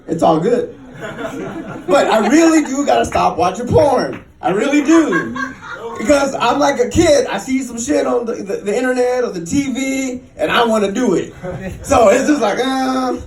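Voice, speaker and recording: A man doing a stand-up comedy set, telling crude stories with an animated delivery and squealing into high voices for other people. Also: gravelly. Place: comedy club stage. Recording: roomy club sound, mic a bit distant.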